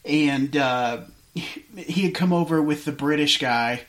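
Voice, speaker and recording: A man's voice: on the high side, unhurried. A man casually talking through a film scene with lots of fillers and restarts. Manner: rambling, animated retelling with many fillers. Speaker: podcast co-host. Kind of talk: casual movie discussion.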